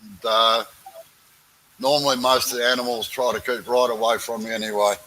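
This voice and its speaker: A man's voice: mid-range voice, level tone, moderate pace, sharp tone, a little hiss or hum, poor audio. A man with an Australian accent in casual chat, talking in a laid-back drawl with blunt local slang.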